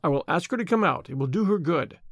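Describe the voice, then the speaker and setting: Good-natured stewardess, friendly and plain, lively pitch, read by a man. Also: quick pace, no echo, studio quality.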